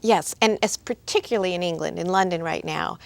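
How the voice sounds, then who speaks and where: A woman's voice: on the low side, fairly quick, creaky, no echo. A woman author chatting eagerly as a TV guest, often restarting words and laughing as she talks. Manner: laughs often while talking. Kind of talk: casual talk-show chat. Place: local TV studio.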